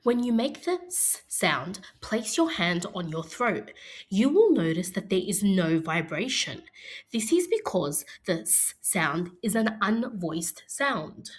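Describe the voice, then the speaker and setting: Teaching phonics to young children, a woman talks slowly and clearly in an encouraging way; her voice is medium in pitch but swings widely.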